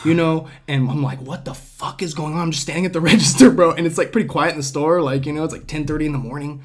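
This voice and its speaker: A man's voice: on the high side, fast. A young man hosting a podcast, telling a story in casual chat, acting out the other people's voices and swearing freely. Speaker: podcast host.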